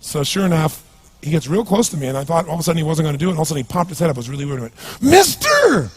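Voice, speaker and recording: A man from the United States giving an energetic seminar talk as a motivational speaker and putting questions to his audience. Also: fairly high pitch, racing, breathy edge.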